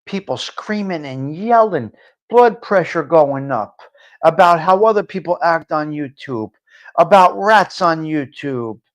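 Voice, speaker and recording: A New man holds forth on his live-stream talk show in a blunt, salty monologue. He drifts between low, muttered asides and sudden loud bursts. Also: lively intonation, measured pace, muffled recording. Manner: blunt, profane, ranting, swings from low muttering to loud outbursts. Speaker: livestream talk show host.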